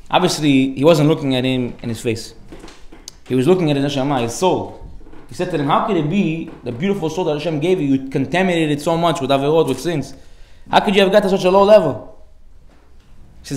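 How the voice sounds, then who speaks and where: Man, sermon, quick delivery, a bit high, echoey room. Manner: animated storytelling, acts out dialogue. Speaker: rabbi.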